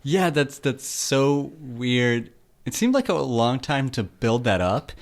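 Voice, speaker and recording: A man's voice: medium pitch, big pitch swings, slow. A man co-hosting a podcast, recapping a TV episode in casual chat with dry, offhand remarks. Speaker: podcast co-host.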